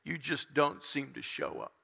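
A man's voice: medium pitch, animated, normal speed, creaky, sharp tone, breathy edge. A man preaching a conversational sermon, acting out the psalmist's complaints to God. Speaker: pastor. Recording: reverberant hall.

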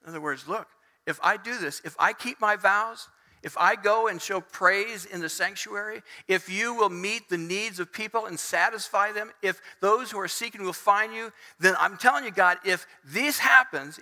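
A man preaching a sermon, swinging between loud pleading and hushed, near-whispered passages. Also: high-pitched, moderate pace. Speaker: pastor. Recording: long hall reverb.

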